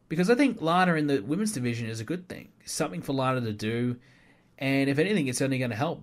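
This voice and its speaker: A man talks through his podcast on his own in a casual, rambling way, stacking up opinions with plenty of fillers and restarts. His voice sits at an ordinary middle pitch. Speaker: podcast host. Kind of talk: casual solo podcast commentary.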